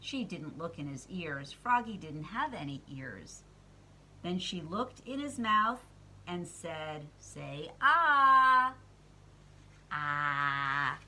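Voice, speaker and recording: Slow, expressive woman reading a picture book. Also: lowish voice, slightly rough, low-quality recording. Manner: expressive, playful, chats to young listeners. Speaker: storyteller. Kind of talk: storybook read-aloud.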